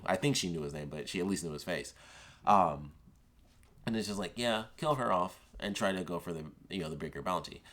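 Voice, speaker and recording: A man with a notably low voice talks through a TV episode review in a loose, conversational way. He rambles and leans on fillers like "like" and "of course" as he recaps and weighs in. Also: fairly quick, a bit bright. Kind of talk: casual spoken review.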